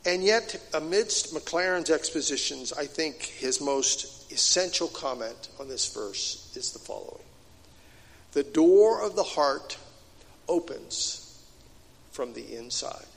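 High-voiced preacher in a reverberant hall. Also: male voice, lively intonation, slow, vocal fry, breathy edge. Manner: swings between hushed, low asides and loud, emphatic declarations. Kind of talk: sermon.

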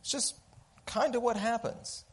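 Speaking to a live audience, a man with an extremely high, breathy voice tells a parable at an unhurried pace. He's animated and acts out the voices of the characters in this storytelling talk.

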